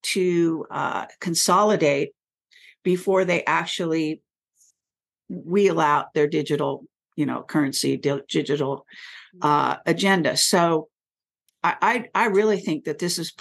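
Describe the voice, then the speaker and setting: A woman guest in an interview, speaking in a measured way and pausing often with fillers. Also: low-pitched, vocal fry. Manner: measured, pauses with many fillers. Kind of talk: interview conversation.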